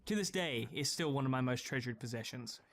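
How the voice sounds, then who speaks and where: A man's voice: mid-range voice, lively intonation, brisk. Profane young man ranting about games. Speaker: gaming video creator. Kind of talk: scripted gaming vlog commentary.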